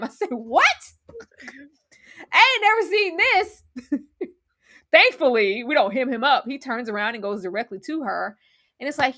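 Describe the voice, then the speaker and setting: A woman's voice: measured pace, pauses often. A woman co-hosting a casual movie review chat, acting out characters' lines as she talks. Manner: animated, acts out characters' lines with big pitch jumps. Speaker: podcast co-host.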